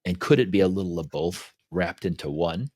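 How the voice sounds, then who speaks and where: A man's voice: low-pitched, expressive, moderate pace, a little mellow, slightly rough, no echo, studio quality. A man co-hosting a podcast, talking in a laid-back, reflective way and retelling a parable with voiced asides. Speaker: podcast co-host. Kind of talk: casual reflective chat.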